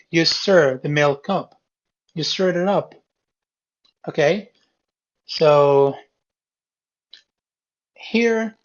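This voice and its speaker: Slow, patient male teacher in class. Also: a little high. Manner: repeats key words patiently, explaining step by step. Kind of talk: going over a reading quiz with a class. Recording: dull lo-fi classroom recording.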